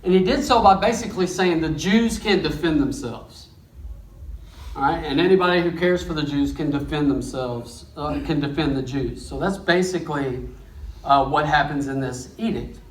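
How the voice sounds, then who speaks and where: Animated preacher in an echoey church. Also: mid-range voice, normal speed. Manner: animated storytelling, folksy asides. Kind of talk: sermon. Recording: echoey church room, mic at a distance.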